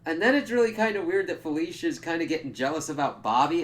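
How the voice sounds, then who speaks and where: A man's voice: on the high side, fast talker, hardly any pauses, fairly bright tone. A man giving a casual, rambling spoken review of a comic book. He swears freely, leans on fillers and acts out the characters' reactions. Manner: loose and rambling, full of fillers and swearing, acting out quoted reactions.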